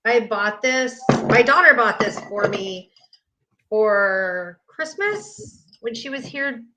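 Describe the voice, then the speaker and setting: A woman co-hosting a live tarot stream, chatting casually and telling quick stories. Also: on the high side, sing-song, bright, forceful tone, poor audio. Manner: laughs easily, tells quick anecdotes. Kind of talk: casual chat.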